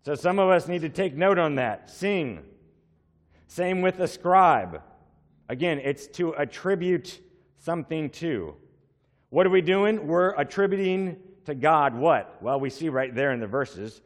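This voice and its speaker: A man preaching a sermon, explaining slowly and repeating words for emphasis. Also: on the high side, lively intonation. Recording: long hall reverb.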